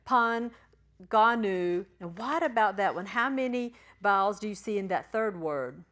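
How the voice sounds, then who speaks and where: A woman teaching a church class, patiently spelling out letters and sounding out syllables slowly. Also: mid-range voice, animated, a bit bright. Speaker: Bible Greek teacher.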